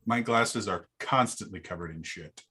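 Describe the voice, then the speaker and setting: A man running a tabletop game on a live stream, animated, often stumbling and restarting his words. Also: fairly low pitch, normal speed, slightly rough. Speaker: game master. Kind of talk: casual chat on a live stream.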